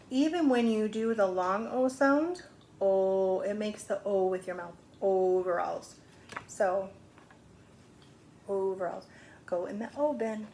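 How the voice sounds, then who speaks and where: A woman's voice: medium pitch, darkish tone, a little hiss or hum. A middle-aged woman teaching a phonics lesson to young children, patiently sounding out words.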